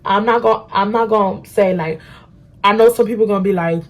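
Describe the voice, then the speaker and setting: A young adult woman at home, telling an animated, slangy story while doing her makeup. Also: medium pitch, a little fast. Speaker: beauty vlogger.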